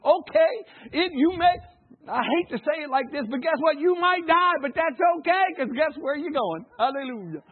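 A pastor preaching a sermon in call-and-response style, swinging between loud and hushed passages. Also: male voice, very high-pitched, brisk, slightly rough. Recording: tinny phone-like recording.

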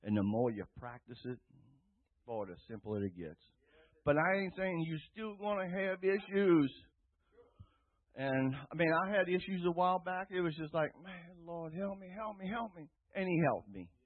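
A man giving an earnest, rambling personal testimony to a church group, rising loud when he quotes himself, with a tinny phone-like sound. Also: a little high, animated, moderate pace. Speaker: testimony speaker.

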